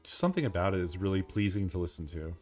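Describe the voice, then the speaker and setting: A man's voice: low-pitched, animated, fast talker, a little mellow, soft background music. A man streaming a game, chatting casually, laughing often, swearing and rambling. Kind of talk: casual gameplay stream chat.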